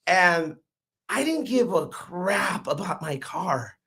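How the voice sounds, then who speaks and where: A man as a podcast guest, telling stories in an animated, emphatic way with preachy asides. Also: high-pitched, slow. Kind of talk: casual interview storytelling.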